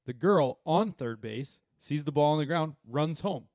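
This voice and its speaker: Sex: man. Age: 30s-40s. Role: podcast co-host. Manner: animated, rambling storyteller. Sound: dry, close. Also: a little high, unhurried, no echo. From Saskatchewan, Canada. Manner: animated storyteller, rambling with many fillers and asides. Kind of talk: casual chat.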